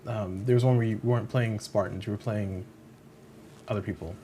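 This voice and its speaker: A man hosting a casual chat, throwing in quick, jokey interjections and eager questions. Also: lowish voice, fairly even intonation, dark tone, slight background noise. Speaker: host.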